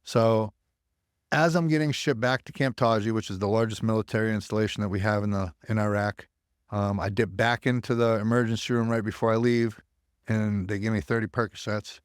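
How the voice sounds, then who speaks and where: In a smooth, lowish voice, brisk and steady, an American army vet on a podcast relays his experiences with candor and lots of cursing, voicing the people he quotes. No echo; clean studio recording.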